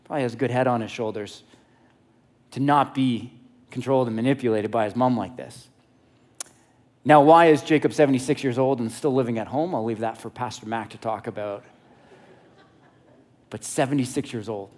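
A man preaching a sermon who retells a scripture story in an animated, conversational way, with playful asides. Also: medium pitch, moderate pace, long pauses.

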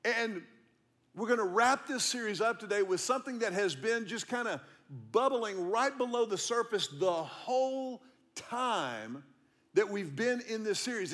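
High-voiced pastor preaching. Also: male voice, a bit bright. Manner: conversational storytelling with emphatic repeated lines. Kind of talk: sermon. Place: church auditorium.

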